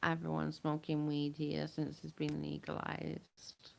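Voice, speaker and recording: A woman's voice: low-pitched, completely flat delivery, measured pace, gravelly, a little mellow, slight background noise. A woman chatting casually with viewers on a livestream from home. She is blunt and chatty, and she swears freely. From United Kingdom.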